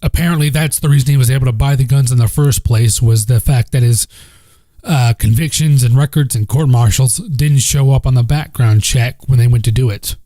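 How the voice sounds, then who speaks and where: Blunt, profane Southern man with a dark voice. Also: mid-range voice, brisk, dry recording. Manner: blunt, profane, repeats himself. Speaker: podcast host. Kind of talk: casual solo podcast talk. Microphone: home microphone.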